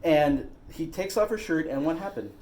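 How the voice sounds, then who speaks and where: A man's voice: fairly high pitch, animated, normal speed, a little mellow, a little hiss or hum. A man co-hosting a casual movie-rant chat at home, telling the story with swearing and bursts of laughter. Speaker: podcast co-host.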